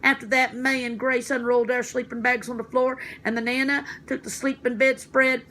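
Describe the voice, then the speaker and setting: A woman reading a children's chapter book aloud in a lively, expressive way. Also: high-pitched, normal speed, slight background noise. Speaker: reader.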